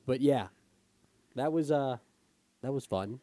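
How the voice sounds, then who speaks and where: A man's voice: medium pitch, slow, dark tone, dry recording. A man co-hosting a casual podcast, talking bluntly and swearing heavily. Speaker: podcast co-host. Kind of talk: casual chat.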